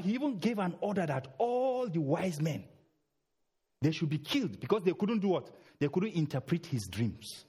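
A middle-aged man preaching a sermon in a church, urging loudly, then dropping low. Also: breathy edge. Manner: emphatic, swings between loud urging and low murmurs.

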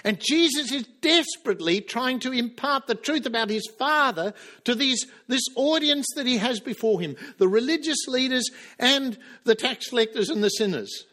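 A man preaching a sermon with passion, acting out the quoted speakers' lines and dropping to a hush for emphasis. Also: very high voice, expressive, normal speed. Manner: impassioned, acts out quoted lines.

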